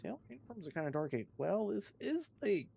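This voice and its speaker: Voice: medium pitch, very animated, brisk, gravelly, warm tone, slightly rough. A guest streamer chatting casually during a game session, making playful self-mocking jokes. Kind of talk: casual stream chat while playing a game.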